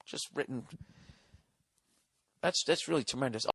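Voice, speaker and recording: A man's voice: mid-range voice, measured pace, creaky, fairly bright tone, slightly rough, big-room sound. A man in his forties hosting a podcast, ranting in a sarcastic, profane, combative way. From United States. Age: 40s. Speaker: podcast host.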